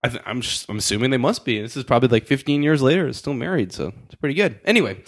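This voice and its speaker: A man's voice: medium pitch, lively intonation, racing, breathy edge. A man telling a story in casual chat, laughing often and acting out quotes. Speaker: podcast co-host telling a story.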